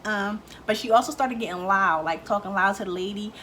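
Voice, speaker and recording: Young woman vlogger, bright and slightly high voice, chatty storyteller, faint background ambience. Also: brisk, slight background noise. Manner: chatty, animated, swears freely, acts out quotes. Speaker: beauty vlogger. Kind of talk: casual storytelling vlog.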